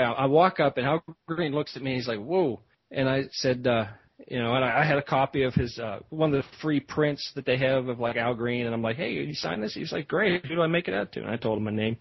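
Talking quickly at a medium pitch, a podcast host wanders through a casual story with plenty of fillers and false starts. His voice has a breathy edge. The lo-fi podcast sound is dull and echo-free.

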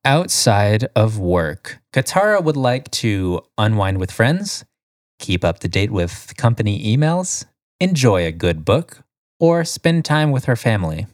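A man's voice: lowish voice, big pitch swings, a little slow, no echo, clean studio sound. A man co-hosting a podcast, reading quiz questions and answer lists in casual chat, laughing often. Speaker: podcast co-host.

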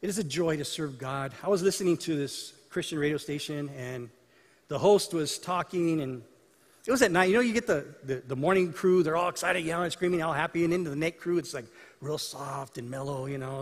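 Man, pastor, high voice, storytelling sermon, acts out dialogue, long hall reverb. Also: animated, fast. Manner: conversational storytelling preaching, acting out dialogue.

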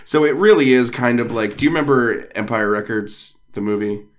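A man's voice: mid-range voice, brisk. A man co-hosting a podcast, talking casually with many fillers and reading passages aloud. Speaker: podcast co-host. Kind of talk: casual chat.

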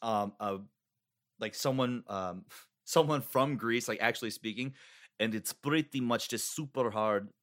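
A man's voice: mid-range voice, measured pace, fairly bright tone. A man in a casual podcast chat, a guest voice actor telling stories about his career in a laid-back way and swearing freely.

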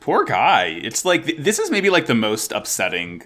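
A podcast co-host in excitable casual chat about an anime, swearing freely. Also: moderate pace, crowd noise. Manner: excitable, swears, jumps pitch when thrilled.

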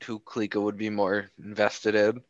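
A man's voice: fairly low pitch, monotone, moderate pace, no room sound, dull audio. A man playing a tabletop game, hesitant and musing. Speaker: player.

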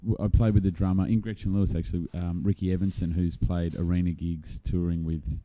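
A man's voice: deep voice, little pitch movement, fairly quick, dark tone. A man chatting casually as a musician guest, rambling through anecdotes and laughing mid-sentence. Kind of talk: casual chat.

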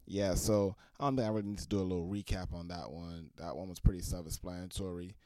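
A man's voice: sits low, fast talker, hardly any pauses, warm tone, faint music behind. A man hosting a hip-hop interview podcast, laid-back and chatty. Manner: laid-back, lots of backchannel. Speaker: host.

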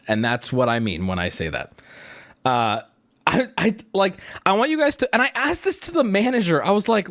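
High, lively ranting man. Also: moderate pace. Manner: exasperated, swearing, shouting at times. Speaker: streamer. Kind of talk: casual rant.

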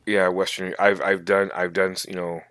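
A man co-hosting a tabletop gaming podcast, talking casually in a halting, thoughtful way with many restarts. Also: low voice, little pitch movement, fairly bright tone, smooth, no room sound, clean studio sound. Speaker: podcast co-host. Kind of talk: casual chat.

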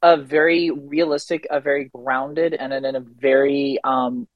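A podcast guest talking casually, trailing off and filling pauses with ums while building up earnest opinions. The voice sits in a middle pitch and is recorded very dry and close, with no room sound at all. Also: fairly even intonation, no echo, muffled recording. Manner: chatty, hesitant with many ums, earnest opinions.

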